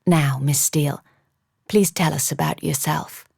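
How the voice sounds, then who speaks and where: A woman voicing a stern, commanding gentleman. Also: low-pitched, steady tone, measured pace, gravelly, husky, no room sound, studio quality, exaggerated voice. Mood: measured. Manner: clipped, firm and controlled.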